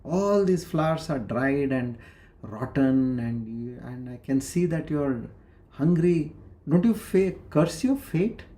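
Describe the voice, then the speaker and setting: A man's voice: mid-range voice, lively intonation, slow pace, dark tone. A man voicing a king disguised as a beggar, who urges and coaxes in a raised voice. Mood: coaxing. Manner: urgent, coaxing.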